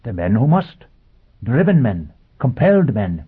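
A man's voice: medium pitch, sing-song, measured pace, husky, voice pushed up, heavily acted. A man voicing a cheerful, polite male bartender robot that lectures serenely. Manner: politely beaming, preachy. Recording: tinny phone-like audio.

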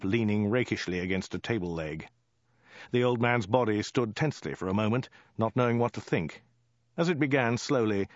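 Deadpan male audiobook narrator. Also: lowish voice, no room sound. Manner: dry, deadpan comic delivery. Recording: dull lo-fi dry recording.

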